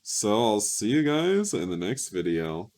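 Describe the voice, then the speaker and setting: A man's voice: on the low side, big pitch swings, measured pace, music in the background. A man hosting a gaming video, reading a story game aloud and breaking in with wry, self-mocking jokes.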